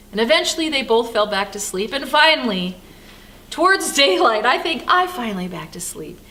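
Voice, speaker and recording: An older woman pastor telling a personal story as a devotional sermon, animated and then soft and reflective. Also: a little high, normal speed.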